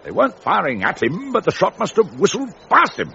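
An actor voicing a hot-tempered old sea captain in a cartoon, blustering and exclaiming. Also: male voice, high-pitched, huge pitch swings, fairly quick, creaky, sharp tone, highs cut off, a little hiss or hum, exaggerated voice. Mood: impatient.

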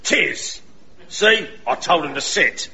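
A man's voice: fairly high pitch, animated, takes it slowly, gravelly, muffled recording, a crowd in the background, background noise, heavily acted. A man playing a chatty, matter-of-fact local man out walking his dog. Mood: cheeky.

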